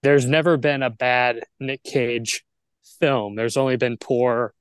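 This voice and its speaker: A man co-hosting a film podcast in casual chat, animated and opinionated, arguing his points like the lawyer he is. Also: medium pitch, slow pace, clean tone, no echo.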